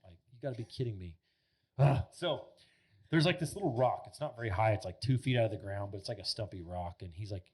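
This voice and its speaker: A man's voice: fairly low pitch, lively intonation, fairly quick, slightly rough. A man in his thirties, a podcast guest telling stories in a rambling, casual way, full of filler words and swearing. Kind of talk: casual storytelling chat. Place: podcast studio.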